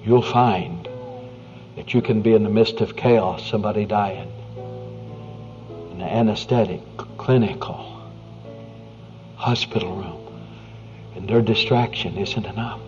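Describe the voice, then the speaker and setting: Low-voiced earnest male preacher, lo-fi. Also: unhurried, pauses often. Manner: earnest, conversational, drops to hushed near-whispers. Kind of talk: sermon. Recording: dull lo-fi recording with faint music.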